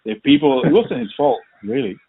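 Man, husky, tinny phone-like line, casual profane storyteller who acts out the quotes. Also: a little high, huge pitch swings, moderate pace.

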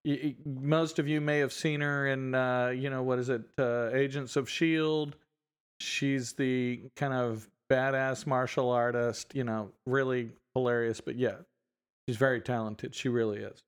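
A man's voice: medium pitch, level tone, a little slow, clear, resonant tone. A man co-hosting a podcast in casual chat, talking about a show with many restarts and frequent laughs. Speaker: podcast co-host.

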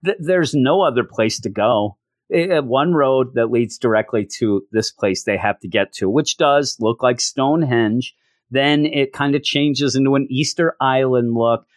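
A man's voice: medium pitch, measured pace, no room sound, studio quality. A man casually recapping a comic issue with sarcastic, rambling commentary and frequent stammered restarts. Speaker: comic book podcast host.

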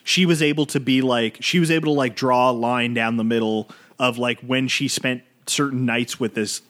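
A man co-hosting a casual film podcast, talking in a loose, rambling way full of fillers and restarts. His voice sits at an ordinary middle pitch for a man, and he jokes around easily with his co-host. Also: fairly even intonation, normal speed, a bit bright. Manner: joking, rambling with many fillers. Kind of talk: casual chat.

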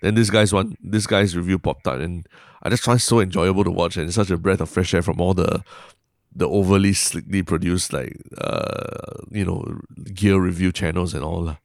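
A young man with a Singaporean English accent chats loosely on a podcast, his voice sitting very low. He rambles and restarts, dropping "lah" and "like" as he goes. The sound is close and dry. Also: fairly even intonation, normal speed, no echo. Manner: rambling, self-interrupting, frequent "lah" and "like". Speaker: podcast co-host. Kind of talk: casual podcast chat.

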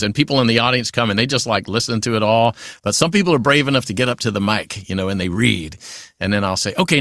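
A man's voice: medium pitch, no room sound, clean studio sound. Chatty male voice actor. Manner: chatty, animated, many "you know" asides. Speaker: voice actor guest. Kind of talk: casual interview advice.

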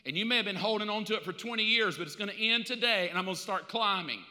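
A middle-aged male pastor preaching a sermon in a casual, animated storytelling way. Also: high voice, quick pace. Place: church sanctuary. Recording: reverberant church hall.

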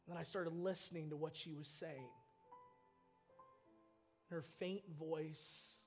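A man's voice: on the high side, a little slow, pauses often, faint music behind. A male pastor preaching a sermon in a church, telling a personal story with feeling. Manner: storytelling, emotional, animated. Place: church sanctuary.

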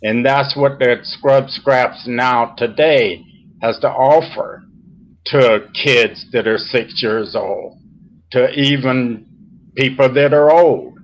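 Slow, earnest middle-aged man. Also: mid-range voice, highs cut off, a little hiss or hum. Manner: earnest, emotional, halting. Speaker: podcast guest. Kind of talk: heartfelt interview talk.

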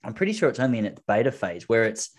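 Over slight background noise, a medium-pitched Australian man in his thirties speaks rapid-fire as a podcast co-host. He keeps things casual, telling vivid stories and acting out the quoted voices.

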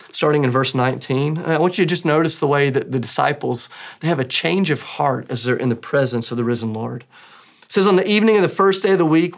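A man's voice: on the high side, gravelly. A man preaching an Easter sermon as pastor, earnest and emphatic, with rising bursts of emphasis.

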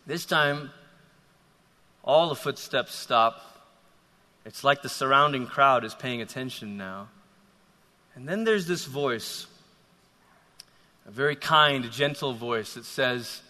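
A man's voice: medium pitch, slow pace, long pauses, sharp tone. A man preaching a sermon, telling a story animatedly with frequent restarts. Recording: long hall reverb.

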